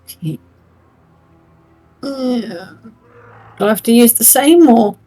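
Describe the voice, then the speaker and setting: A woman's voice: a little high, expressive, takes it slowly, dark tone, soft background music, low-quality recording. A woman playing a tabletop game, casual and hesitant, swearing lightly. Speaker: player.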